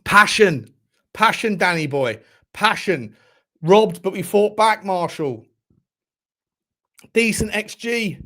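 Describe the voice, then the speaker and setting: A man hosting a live football watchalong, excitable, shouting at players and swearing a lot. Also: high-pitched, slow pace, long pauses.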